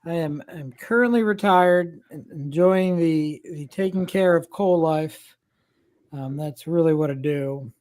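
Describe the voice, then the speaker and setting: A man's voice: fairly high pitch, a little slow, a little mellow. An older man co-hosting a podcast, chatting casually and wryly about sports with frequent restarts. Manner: rambling, restarts, wry. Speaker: podcast co-host.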